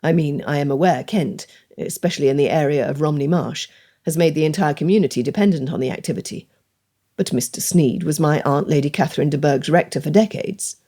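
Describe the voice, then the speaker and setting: A woman narrator voicing a formal, earnest young English gentleman in a romance audiobook. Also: sits low, a little fast, pitched below the performer's own voice.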